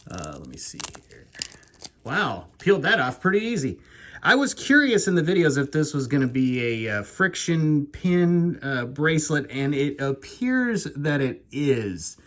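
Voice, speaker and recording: Breathless excitable man unboxing a watch. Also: a little high, moderate pace. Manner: excitable, rambling, self-mocking. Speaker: watch channel host. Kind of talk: casual unboxing vlog.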